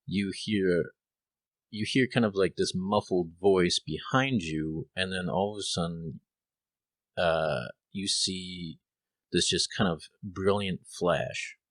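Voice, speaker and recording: A man's voice: low-pitched, fairly bright tone, dry recording. A young man narrating a tabletop role-playing game as game master, casual and rambling with many fillers.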